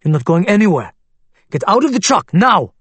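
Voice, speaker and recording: A man's voice: fairly high pitch, quick pace, no echo, pitched above the performer's own voice, lightly acted. Man doing a barking, hostile armed guard. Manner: loud, barking orders.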